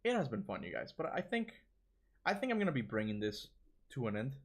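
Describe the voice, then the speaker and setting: In a sing-song, medium-pitched voice and at a brisk pace, a young man with a Toronto accent chats casually on his gaming livestream. He sounds tired, rambling, restarting words, and chuckling frequently.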